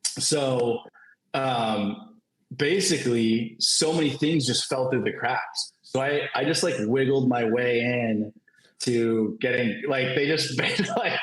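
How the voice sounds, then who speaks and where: Animated, laughing man in an echoey room. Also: mid-range voice, slow pace. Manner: animated storyteller, laughs often, many "like" fillers. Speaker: comic creator, panel guest. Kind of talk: casual anecdote on a virtual panel. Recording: roomy echo.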